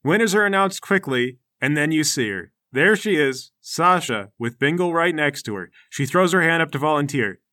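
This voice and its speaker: A man narrates as game master of a tabletop game, playful and lively, tossing in sound effects. His voice is bright and a touch high. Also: moderate pace, hardly any pauses.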